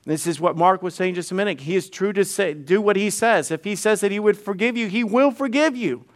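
Smooth-voiced man preaching a sermon. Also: high voice, brisk. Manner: conversational, repeats words, acts out quoted dialogue. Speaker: pastor.

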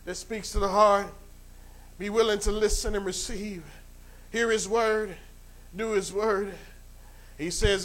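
A high-pitched man with a New York accent preaches a sermon. He drops into low, conversational asides, then climbs into loud, fervent exhortation. He repeats his phrases and fills pauses with frequent "uh"s. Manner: repeats phrases and stumbles with fillers. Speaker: pastor.

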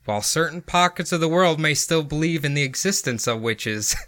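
A man's voice: on the high side, animated, fairly quick, pushed and bright. A young man hosting a podcast, chatting casually and laughing often as he tells a story. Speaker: podcast host. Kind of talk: casual chat and story narration.

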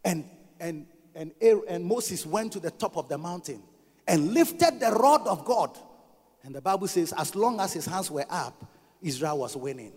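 A man preaching a sermon, swinging between loud emphatic bursts and quiet asides. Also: sits high, expressive, normal speed, husky, big-room sound. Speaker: pastor.

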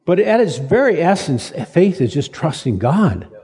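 A man in his seventies preaching a sermon in a folksy, halting way, repeating words as he tells stories. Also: a little high, very animated, dark tone, slightly rough. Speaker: pastor. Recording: long reverb of a large hall.

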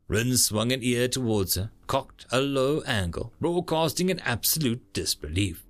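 A man narrating a story in a lively storytelling manner. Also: mid-range voice, a little slow, few pauses. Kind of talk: audiobook narration.

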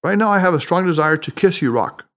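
Dude reading a skeptical doctor guy, doubtful and defensive, kinda high lively voice. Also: fast talker. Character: skeptical adult male doctor. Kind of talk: audiobook character reading.

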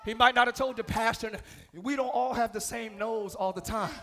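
A man preaching a live sermon in church, shouting some lines and dropping low on others. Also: moderate pace, vocal fry. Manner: preaching with shouts and sudden drops to near-whispers. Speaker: pastor. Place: church sanctuary. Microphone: handheld or stage mic.

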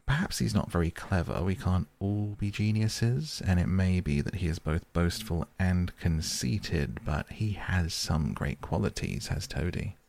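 A man voicing a cheerful, good-natured male water rat in a storybook reading, speaking heartily with a deep, husky, gravelly voice. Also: unhurried, hardly any pauses, darkish tone, full character voice.

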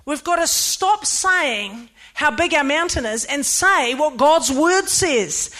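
A woman pastor, preaching a sermon in an emphatic, lively way with playful asides. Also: sits high, takes it slowly, hardly any pauses.

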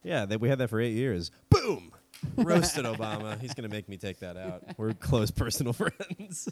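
A man's voice: fairly low pitch, big pitch swings, normal speed, darkish tone, dry recording. A man co-hosting a comedy podcast, joking loosely and laughing often. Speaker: podcast co-host. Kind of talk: casual comedic banter.

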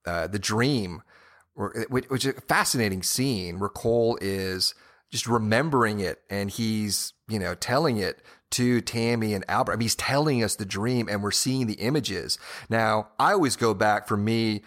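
A man's voice: lowish voice, moderate pace, fairly bright tone. A man co-hosting a podcast, talking casually and at length about a TV series, with many "you know"s and small restarts. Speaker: podcast co-host. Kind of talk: casual TV-show discussion.

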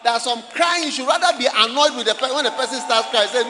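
This sermon comes from a male pastor at the pulpit whose unusually high voice rings bright and forceful; he shouts his points, quizzes the congregation, and ranges widely in pitch. He talks fast with hardly any pauses. Long church-hall reverb colors the sound, with faint room noise and some chatter in the background.

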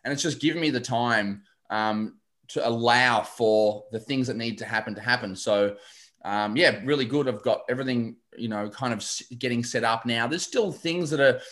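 A man's voice: mid-range voice, moderate pace, fairly bright tone. A man, a confidence coach chatting casually as a podcast guest, rambling with many fillers and restarts.

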